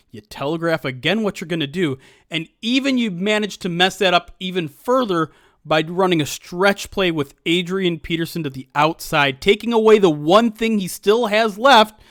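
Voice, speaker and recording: A man co-hosting a sports podcast, ranting with rising anger about play calls, animated and exasperated. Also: on the high side, no echo, clean studio sound. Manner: animated, builds from disappointed to openly angry. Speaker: podcast co-host. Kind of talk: casual sports podcast rant.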